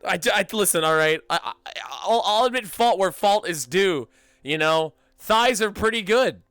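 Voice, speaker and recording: A man streaming a roleplay game, joking crudely and loudly in casual banter with a hoarse voice. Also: sits high, normal speed, dry recording, clean studio sound, faint music behind.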